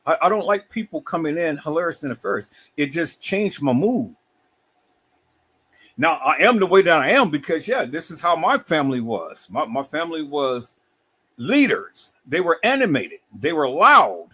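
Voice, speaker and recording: A middle-aged man hosting a livestream, talking in an animated, preachy way with many repeated words. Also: on the high side, normal speed, husky. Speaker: livestream host.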